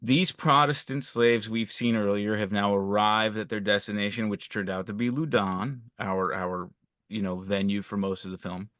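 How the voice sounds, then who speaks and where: A man's voice: on the low side, fairly even intonation, moderate pace, a bit bright, dry recording, studio quality. A man as a podcast guest, talking eagerly about a film and often repeating words as he goes. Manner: enthusiastic, stammering repetitions. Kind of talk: casual podcast film discussion.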